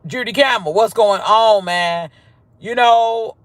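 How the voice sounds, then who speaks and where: A man hosting a casual livestream roll call, profane, swinging between loud greetings and low mutters. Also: takes it slowly, no room sound. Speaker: livestream host.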